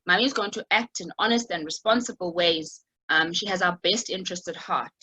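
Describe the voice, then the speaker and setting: A woman's voice: mid-range voice, pushed and bright, low-quality recording. A woman giving an online talk over a video call, telling a personal story in a reflective way with many small fillers.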